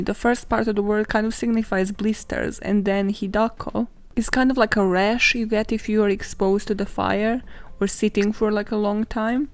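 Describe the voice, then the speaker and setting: A woman's voice: on the high side, darkish tone. A woman hosting her own podcast, telling stories in a casual, sweary and sarcastic way, often laughing and acting out quotes. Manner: dramatizes stories and acts out quotes. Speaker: podcast host. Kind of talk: casual solo podcast storytelling.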